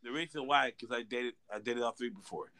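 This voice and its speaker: A man's voice: mid-range voice, a little fast, bright, forceful tone. A man co-hosting a casual podcast chat, telling loose, crude, joking stories. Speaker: podcast co-host.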